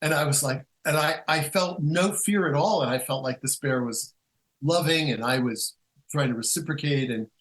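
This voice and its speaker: A man's voice: on the high side, moderate pace, low-quality recording. A man who is a guest author, talking casually and rambling through stories with many restarts and acted-out quotes. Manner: animated, acts out quotes in storytelling. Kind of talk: casual conversational storytelling.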